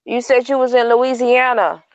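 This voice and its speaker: A woman's voice: a little high, little pitch movement, moderate pace, no echo, highs cut off. A woman in a casual group chat who rambles, corrects herself mid-sentence and sounds exasperated.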